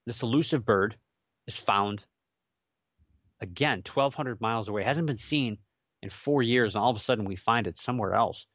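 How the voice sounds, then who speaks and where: A man's voice: fairly low pitch, moderate pace, fairly bright tone, no room sound, dull audio. A man hosting a casual solo show, chatty and rambling with jokey asides and many fillers. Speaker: podcast host.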